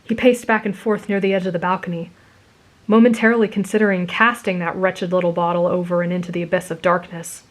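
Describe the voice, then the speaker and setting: A woman narrating a romantic story gently for an ASMR audience. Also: lowish voice, little pitch movement, fast.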